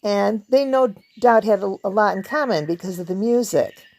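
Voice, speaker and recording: A woman hosting a casual vlog, chatting warmly about pictures and reading from a book, laughing now and then. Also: mid-range voice, expressive, normal speed, creaky. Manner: chatty, laughs often, hums song snippets. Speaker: video host; performer.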